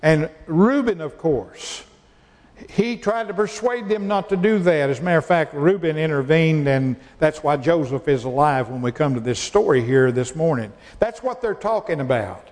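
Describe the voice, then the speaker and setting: A man's voice: on the high side, expressive, normal speed, darkish tone. Preacher guy, folksy, keeps repeating himself, big echoey church sound. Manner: folksy, repeats phrases for emphasis. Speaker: pastor. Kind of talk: sermon.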